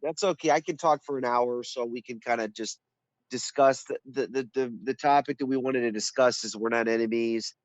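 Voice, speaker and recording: A middle-aged man appearing as a guest, stuffed up with a cold, speaking haltingly with many restarts. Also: medium pitch, fairly even intonation, no echo. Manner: halting, repeats words and fills with "uh". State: congested with a cold. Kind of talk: casual conversation on a live stream.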